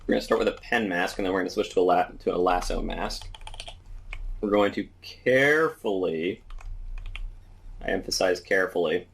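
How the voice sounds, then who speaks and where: Deep gravelly man explaining a tutorial. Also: fast talker. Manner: relaxed step-by-step explaining while working. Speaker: 3D modeling instructor. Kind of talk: screen-recorded software tutorial.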